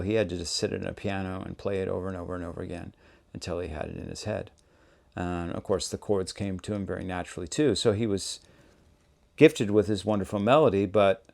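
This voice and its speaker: A man hosting a songwriting lesson, explaining step by step in a relaxed, conversational way. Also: low-pitched, vocal fry. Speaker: songwriting teacher, show host. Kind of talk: casual instructional talk.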